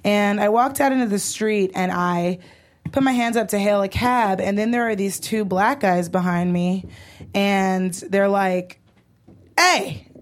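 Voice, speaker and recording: A woman co-hosting a live comedy podcast, telling a story with animated, sweary acted-out quotes. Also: medium pitch, a little slow. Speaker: podcast co-host. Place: stage before a live audience.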